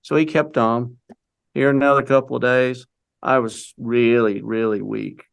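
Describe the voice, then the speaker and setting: An older man with a gravelly edge sits as an interview guest, spinning a long personal story. He talks loosely and rambles, circling back with "you know" and restarting his thoughts, at an ordinary middle pitch. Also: steady tone, measured pace. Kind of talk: conversational storytelling.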